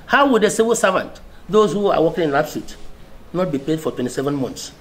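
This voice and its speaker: A middle-aged Nigerian man speaks in a fairly high voice, pressing each point with insistence. He repeats and restarts phrases as he builds his argument. A faint hum of surroundings sits behind him. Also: animated, a little fast. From Abia State, Nigeria. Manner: emphatic, insistent, with repetitions and restarts. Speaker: senior lawyer and political speaker. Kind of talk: political speech to camera.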